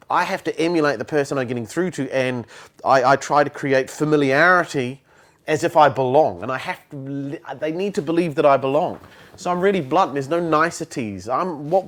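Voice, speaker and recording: A man's voice: fairly high pitch, animated, fairly quick. A man, a sales trainer talking bluntly in an interview and acting out phone calls. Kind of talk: conversational interview.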